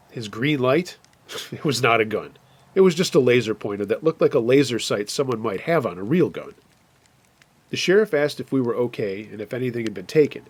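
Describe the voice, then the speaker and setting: A man retelling a true scary camping story in a steady, plainspoken way. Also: mid-range voice, breathy edge, dry recording. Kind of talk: narrated first-person scary story.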